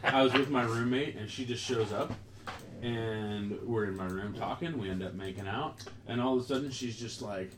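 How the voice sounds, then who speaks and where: A man's voice: mid-range voice, normal speed. A man chatting casually at a tabletop game and telling a rambling, laughing anecdote. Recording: roomy, distant, noisy.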